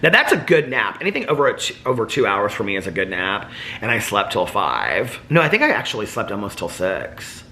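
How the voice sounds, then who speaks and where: Male vlogger, lower pitch with a forceful bright tone; rambling, laughing storyteller who acts out quotes. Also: sing-song, brisk, a little hiss or hum. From United States. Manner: chatty, laughs often, acts out quoted voices. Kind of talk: casual daily vlog storytelling.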